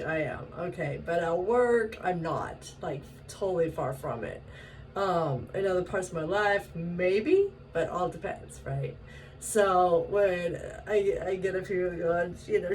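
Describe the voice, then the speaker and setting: A woman from Washington state telling a story in a casual, animated way, laughing often and acting out the voices she quotes. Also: fairly low pitch. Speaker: vlogger. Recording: distant mic with faint ambient noise.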